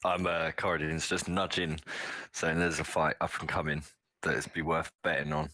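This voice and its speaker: A man's voice: a bass voice, level tone, moderate pace, bright, forceful tone, no room sound. A man playing in a tabletop game who hesitates as he describes what his character does. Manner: hesitant, full of "uh"s. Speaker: player.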